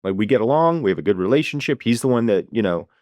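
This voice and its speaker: A man's voice: medium pitch, animated, fast talker, a little mellow, no echo, studio quality. A middle-aged man co-hosting a podcast, telling a comic story in a mock-earnest way, full of stammering restarts. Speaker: podcast co-host. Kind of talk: comic storytelling in casual chat.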